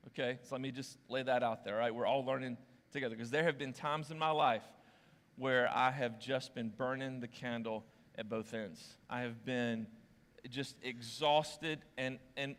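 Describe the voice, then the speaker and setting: Bright-voiced pastor in a reverberant church hall. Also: male voice, medium pitch. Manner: playful and joking with volunteers, then candid and confessional. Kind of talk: sermon with audience games. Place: church auditorium. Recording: long reverb of a large hall.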